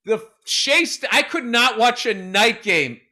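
A middle-aged man, co-hosting a casual podcast and telling animated, profane stories. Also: extremely high pitch, measured pace. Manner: animated storyteller, swears freely, acts out quotes. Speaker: podcast co-host.

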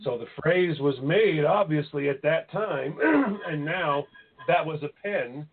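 A man's voice: a little high, expressive, slow pace. A man chatting on a podcast, rambling and often repeating words as he explains things, with some swearing. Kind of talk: casual podcast chat. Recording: tinny phone-like audio.

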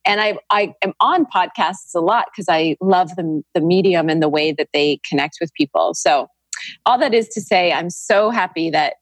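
A woman's voice: on the low side, moderate pace, no room sound. A young woman guest on a podcast, talking earnestly and reflectively about energy work in casual chat. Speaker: podcast guest, Reiki practitioner.

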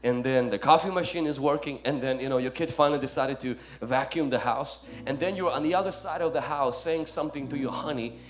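A male pastor delivers a sermon, alternating between loud, emphatic lines and softer passages while addressing listeners as "my friend." His voice sits in the mid range, and he speaks fairly quickly with few pauses.

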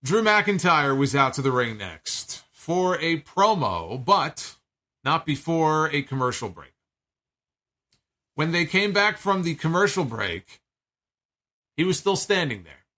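Bright-voiced man recapping casually. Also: fairly high pitch, big pitch swings, slow pace. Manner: chatty, digressive, acts out quoted lines. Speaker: wrestling show recapper.

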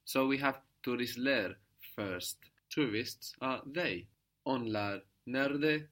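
A man's voice: mid-range voice, takes it slowly, a bit bright. A man teaching a language lesson, patiently prompting a student and repeating her answers.

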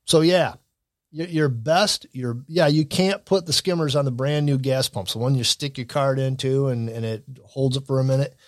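A man's voice: medium pitch, moderate pace, no echo, clean studio sound. Blunt, opinionated man. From Michigan. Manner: blunt, opinionated, rambling with restarts. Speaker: commentary show host. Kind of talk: casual news and political commentary.

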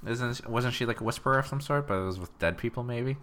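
A woman's voice: a bass voice, quick pace, fairly bright tone. A woman co-hosting a podcast in casual chat, playful and rambling, laughing often. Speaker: podcast co-host.

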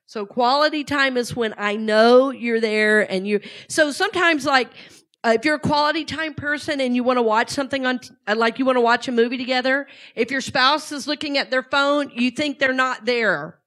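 A woman's voice: high-pitched, moderate pace, a bit bright. Chatty woman addressing a live audience. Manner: conversational, asks the audience questions. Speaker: speaker.

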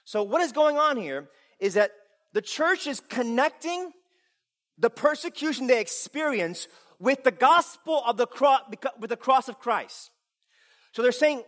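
A man preaching a sermon to a congregation, animated and playful, with loud bursts of laughter. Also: very high-pitched, measured pace. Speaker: pastor.

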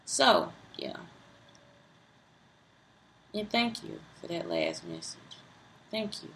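A woman's voice: mid-range voice, animated, moderate pace, vocal fry, fairly bright tone, slight background noise, rough recording. A woman vlogging, giving casual self-help talk straight to her viewers, rambling and repeating herself.

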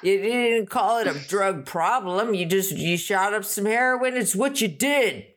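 A woman playing a gruff old male cowboy interventionist, blunt and tough-talking. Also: medium pitch, animated, measured pace, lightly acted. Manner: blunt, tough-guy drawl.

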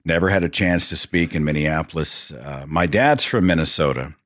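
A man's voice: very deep voice, moderate pace, fairly bright tone, no room sound, studio quality. A man hosting a podcast alone, talking in a casual, rambling way with chatty asides. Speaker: podcast host. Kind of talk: casual solo monologue.

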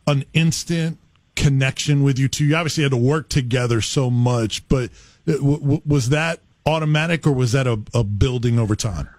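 Male radio host, halting questioner, mid pitch, dry studio. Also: darkish tone, dry recording. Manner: halting, searching phrasing. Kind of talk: conversational interview questions.

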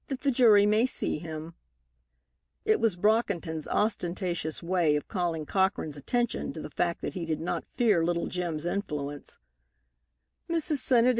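A woman reading a novel aloud as scripted narration, lifting her pitch for the characters' lines. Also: darkish tone, dry recording, clean studio sound. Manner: reads dialogue with lifted pitch for characters. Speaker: audiobook reader.

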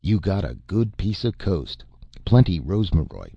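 A man's voice: low voice, very animated, measured pace, gravelly, warm tone, breathy edge, dry recording, dull audio, heavily acted. A man reading the lines of a brutal barbarian slave master, who speaks in clipped, broken phrases. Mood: gruff. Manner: clipped broken speech, threatening.

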